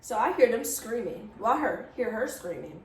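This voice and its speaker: A young woman co-hosting a casual storytime, chiming in with quick reactions. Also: on the high side, sing-song. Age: young adult. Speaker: co-host. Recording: echoey room, mic at a distance.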